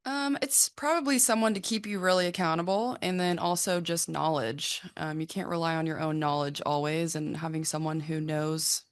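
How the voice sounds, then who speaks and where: A woman's voice: sits low, fairly even intonation, moderate pace, hardly any pauses, no room sound, studio quality. A woman on a panel giving brief, matter-of-fact answers. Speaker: panel guest. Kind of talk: casual answers to questions.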